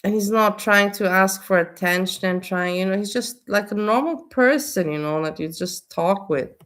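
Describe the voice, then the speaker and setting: A woman with an American accent chats through her reactions in an easygoing way, with a voice of middling pitch. Her speech runs loosely, full of "you know" and "like". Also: normal speed. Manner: chatty, warm-hearted, lots of "you know" and "like". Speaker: vlogger reacting to a video. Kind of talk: casual reaction commentary.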